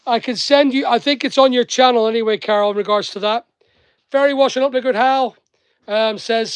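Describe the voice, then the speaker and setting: A man's voice: very high voice, fairly quick, clean tone, no room sound. A man with a mixed Northern Irish and English accent, chatting to viewers while packing orders, teasing and joking with his staff. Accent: Northern Irish-English mix. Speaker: online seller and channel host. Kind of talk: casual live-stream chat while packing. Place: packing workspace with staff nearby.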